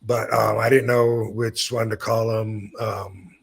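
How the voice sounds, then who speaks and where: Gravelly laid-back man in his fifties. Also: on the low side, level tone, slow, slight background noise. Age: 50s. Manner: laid-back, swears freely, rambling with fillers. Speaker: podcast host. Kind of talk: casual storytelling.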